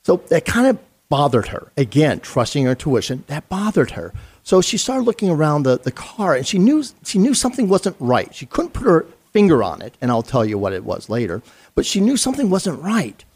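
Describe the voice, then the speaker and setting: A man's voice: a little high, huge pitch swings, a little fast, darkish tone, breathy edge. A middle-aged man, a retired police sergeant, telling a story in an interview in an earnest, conversational way with fillers and restarts.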